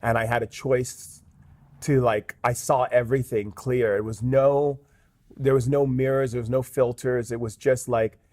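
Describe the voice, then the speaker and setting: A man's voice: medium pitch, steady tone, unhurried, darkish tone, no echo. A man, a guest shaman in an interview, telling a story earnestly with many fillers. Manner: earnest, with frequent "um" and "like".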